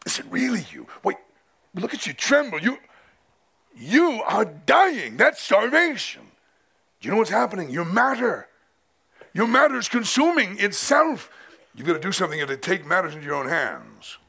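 Man doing a fallen angel voice, male, patronizing, condescending, soft mocking tone, gravelly. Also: high-pitched, sing-song, moderate pace, long pauses, pitched above the performer's own voice, exaggerated voice.

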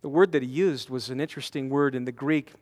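A man in his forties preaching a conversational sermon to a men's conference, animated, acting out quotes and repeating words as he presses his points. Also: medium pitch, fast talker. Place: large conference hall. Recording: long hall reverb from a conference.

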